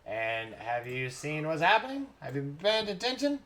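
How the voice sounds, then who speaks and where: A man's voice: on the high side, very animated, moderate pace, fairly bright tone. A man running a tabletop game as game master, teasing his players and laughing often.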